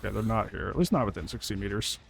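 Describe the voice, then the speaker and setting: With a lowish voice full of vocal fry, this gaming YouTuber talks rapid-fire and expressively over slight background noise. He provides casual, joking live commentary as he plays, speaking to the players on screen and often laughing and swearing.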